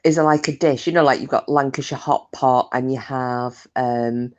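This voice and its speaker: A woman's voice: a bass voice, steady tone, moderate pace, darkish tone, dull audio. Woman streamer just nattering to chat, swears a lot, laughs at herself. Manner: chatty, swears freely, self-mocking. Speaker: live streamer chatting with viewers. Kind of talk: casual chat with live chat.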